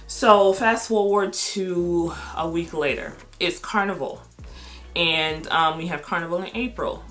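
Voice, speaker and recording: A woman's voice: deep voice, pushed and bright. A middle-aged woman vlogger telling a personal story in a casual, candid way, blunt and swearing freely.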